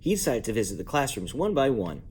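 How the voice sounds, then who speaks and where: A man reading a children's book aloud at bedtime at home, lively and playful, jumping up in pitch to give each character a voice. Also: quick pace, slightly rough. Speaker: parent reading a bedtime story. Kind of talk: bedtime story read-aloud.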